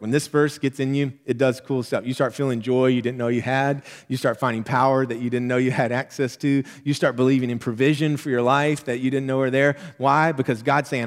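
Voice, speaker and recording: A middle-aged man preaching a sermon as pastor, conversational and animated, checking in with the congregation as he goes. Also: mid-range voice, quick pace, few pauses. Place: church sanctuary. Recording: long hall reverb.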